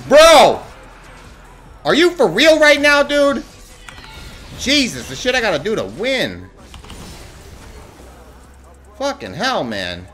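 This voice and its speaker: A man streaming a game, ranting and swearing at other players, swinging from low mutters to shouted outbursts. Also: wildly swooping pitch, takes it slowly, pauses often, faint music behind. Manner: tilted, swearing, ranting at teammates and enemies. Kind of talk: live gameplay commentary.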